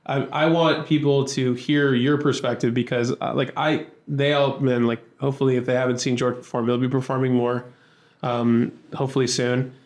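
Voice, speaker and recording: A man's voice: mid-range voice, flat delivery, moderate pace, reverberant. A man hosting a podcast, chatting casually in a rambling, playful way with frequent restarts. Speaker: podcast host. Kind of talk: casual chat.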